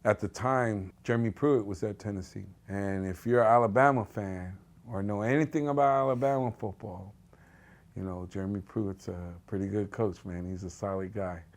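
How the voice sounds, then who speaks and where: Low-voiced middle-aged father telling stories. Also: steady tone, normal speed. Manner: conversational storytelling. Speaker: parent of an athlete. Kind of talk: documentary interview.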